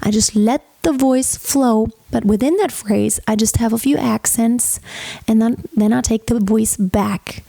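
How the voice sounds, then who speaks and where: A woman's voice: fairly high pitch, measured pace, vocal fry, dark tone, no room sound. A woman teaching singing, explaining technique and breaking into sung examples with a light, flowing delivery. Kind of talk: vocal lesson with sung demonstrations.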